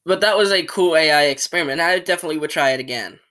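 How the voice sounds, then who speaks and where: Rapid-fire and fairly high-pitched, with a pushed, bright tone, a man with hiccups tries out web experiments on his YouTube channel. He comments casually, reads the on-screen text aloud and occasionally apologizes.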